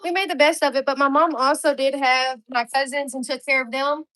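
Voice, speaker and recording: Young mom, blunt and chatty with her viewers; high voice, close and dry sound. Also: fairly even intonation, a little fast, fairly bright tone, dry recording. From Louisville, Kentucky. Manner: blunt, talkative, speaks straight to viewers. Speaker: content creator and mother. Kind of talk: casual live chat with viewers.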